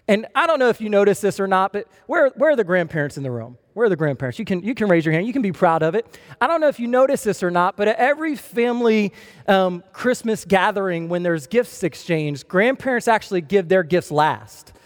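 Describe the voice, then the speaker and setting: A young man preaching a sermon to a congregation, telling a funny personal story in an animated way. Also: high voice, brisk. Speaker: pastor. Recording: long reverb of a large hall.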